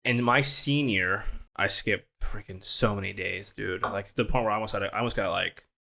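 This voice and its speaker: A young man co-hosting a podcast who tells stories in a lively, profane way, acting out both sides of an argument. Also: on the low side, a little fast, creaky. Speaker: podcast co-host. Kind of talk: casual chat.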